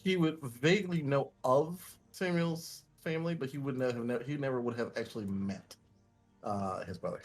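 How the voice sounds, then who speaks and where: A man playing a tabletop game, describing his character's actions in a relaxed way. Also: medium pitch, moderate pace, faint music behind. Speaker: player.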